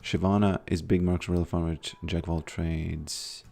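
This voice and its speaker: A man's voice: deep voice, little pitch movement, unhurried, gravelly, mellow. A man casually commentating his own game on a live stream, thinking aloud and often restarting his sentences.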